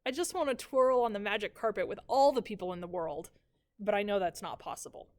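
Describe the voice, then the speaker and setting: A woman teacher reading the first chapter of a novel aloud in measured, even storytelling. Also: medium pitch.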